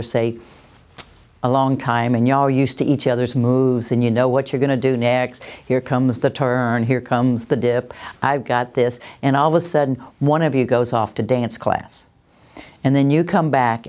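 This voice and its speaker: Calm woman teaching parents. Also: a bass voice. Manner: calm, reassuring, acts out little scenes. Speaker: parenting educator answering questions. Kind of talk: teaching talk, Q&A.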